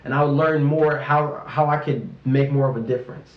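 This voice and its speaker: A man's voice: mid-range voice, steady tone, normal speed, echoey room, highs cut off. A man in his twenties from North Carolina, speaking candidly and emphatically in an interview, frustration and passion running through his words. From Raleigh, North Carolina. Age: 20s. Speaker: interviewee, student activist.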